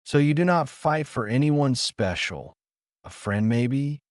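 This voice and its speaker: A man voicing a soft-spoken, polite young female ninja in a fan fiction reading. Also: mid-range voice, lively intonation, takes it slowly, no echo, clean studio sound, voice pushed up. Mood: gentle.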